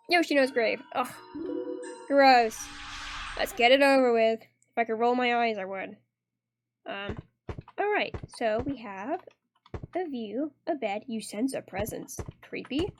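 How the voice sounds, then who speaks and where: A woman's voice: on the high side, takes it slowly, long pauses, faint music behind. A young adult woman streaming a horror game, chatting casually and rambling with many fillers.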